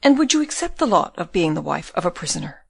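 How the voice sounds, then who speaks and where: A woman reading the part of a young prince, calm and commanding, asking probing questions in an audiobook. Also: on the low side, quick pace, creaky, slightly rough, no room sound, clean studio sound, exaggerated voice.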